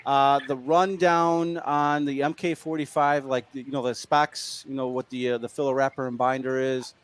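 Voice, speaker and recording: A man hosting a casual tasting show and asking questions in a relaxed, loose way. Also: medium pitch, normal speed, clean tone. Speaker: host. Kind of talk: casual chat.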